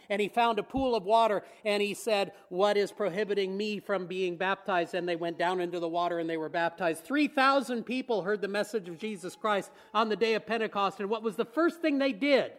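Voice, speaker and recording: A male preacher delivers a sermon in a relaxed, conversational way, often asking his listeners rhetorical questions. His voice sits high for a man. He keeps his tone easy and light, with a chuckle here and there. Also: fairly quick, hardly any pauses.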